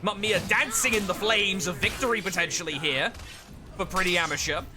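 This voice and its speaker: A man casting a video game match with lively play-by-play commentary. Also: high-pitched, over music. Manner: lively, animated play-by-play with quick asides. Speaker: esports caster.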